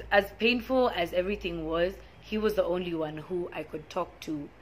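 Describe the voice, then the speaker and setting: A woman's voice: medium pitch, fairly bright tone. A young woman vlogger telling a personal story in a casual, emotional way, with many restarts and sudden bursts of feeling. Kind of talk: storytime vlog.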